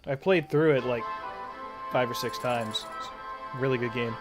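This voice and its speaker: A man's voice: mid-range voice, moderate pace, music in the background. A man chatting casually and swearing freely while streaming a video game. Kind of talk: casual gameplay commentary.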